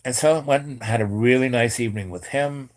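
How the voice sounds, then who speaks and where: A man's voice: mid-range voice, fairly quick. A middle-aged man telling a long personal story in a rambling, casual way, with many fillers and restarts. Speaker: host.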